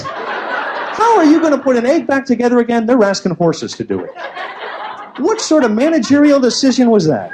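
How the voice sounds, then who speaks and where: A man's voice: extremely high pitch, moderate pace, pauses often. A man doing a stand-up comedy set on a club stage, acting out little voices in his bits. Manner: animated, acts out voices in bits. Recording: noisy early-90s club taping. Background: audience laughter.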